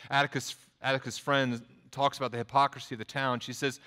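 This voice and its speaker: Texan pastor preaching in a reverberant hall. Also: male voice, medium pitch, little pitch movement, quick pace, hardly any pauses, pushed and bright. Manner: conversational preaching with restarts and quoted asides. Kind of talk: sermon.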